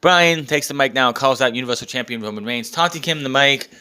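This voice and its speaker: A man's voice: mid-range voice, quick pace, sharp tone, clear, resonant tone. A man recapping a show in a casual, blunt and sarcastic way, with swearing and filler words. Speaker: wrestling show reviewer.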